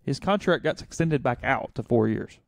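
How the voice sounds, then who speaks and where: A man's voice: medium pitch, expressive, normal speed, gravelly, dry recording, studio quality. A man hosting a sports podcast in casual talk, telling a story with chuckles.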